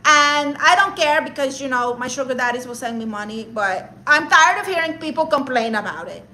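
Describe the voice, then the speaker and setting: A woman's voice: sits high, expressive, brisk, pushed and bright, a little hiss or hum, rough recording. A woman live streaming, reading viewer messages and roasting them in a sassy, mock-arrogant way, dropping Spanish words.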